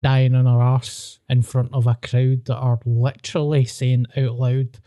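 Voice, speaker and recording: A man's voice: medium pitch, little pitch movement, a little slow, warm tone, no room sound, clean studio sound. Sweary Glaswegian man telling stories. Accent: Scottish, Glasgow. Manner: sweary, rambling storytelling. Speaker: podcast host. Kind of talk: casual chat.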